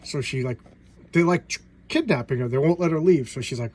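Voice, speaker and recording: A man casually retelling comic book stories in an animated way, slipping into voices for the characters. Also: mid-range voice, a little fast, slightly rough.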